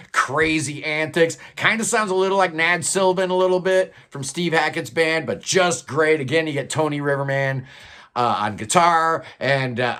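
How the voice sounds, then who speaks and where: Chatty man reviewing an album, higher voice. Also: fairly bright tone. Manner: rambling, enthusiastic, many fillers. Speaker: music reviewer.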